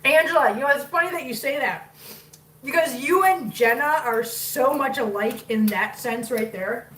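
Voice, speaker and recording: A chatty woman with a Minnesotan accent, her voice a little high, talks through a home cooking livestream and laughs often. She sits back from the mic in an echoey kitchen. There is steady noise under her voice. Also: normal speed. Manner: chatty, laughs often, reads out viewer chat. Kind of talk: casual livestream chat. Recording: echoey room, distant mic, noisy.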